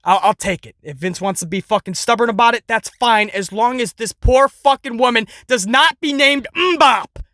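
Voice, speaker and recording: A man hosting a casual wrestling commentary show, sarcastic, animated and full of profanity. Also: very high voice, moderate pace, few pauses, dry recording, clean studio sound. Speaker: podcast host.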